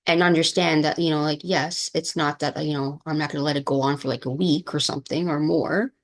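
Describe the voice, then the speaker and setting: A woman's voice: deep voice, fairly even intonation, a little fast. A woman podcast host and minister telling a candid personal story, rambling with many fillers and getting emotional.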